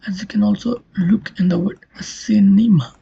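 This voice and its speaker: A linguistics lecturer giving an online lesson in a breathy, half-whispered voice, often stopping to ask whether it is clear and correcting themself mid-explanation. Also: medium pitch, steady tone, normal speed, dark tone, a little hiss or hum. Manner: checks understanding with "Clear?" and "right?". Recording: dull lo-fi recording.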